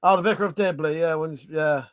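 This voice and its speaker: A man's voice: on the high side, steady tone, a little fast. A man hosting a casual livestream chat. He swears a lot and laughs often. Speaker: livestream host.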